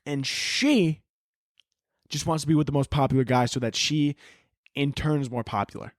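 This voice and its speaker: A man's voice: mid-range voice, moderate pace, no echo, studio quality. A man in his twenties hosting a solo podcast, ranting casually with lots of swearing. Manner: profane, animated, ranting. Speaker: podcast host.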